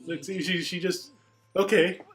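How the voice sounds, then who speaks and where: A man co-hosting a casual commentary on a cartoon, talking haltingly with many restarts. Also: sits high, steady tone, a bit bright, faint music behind.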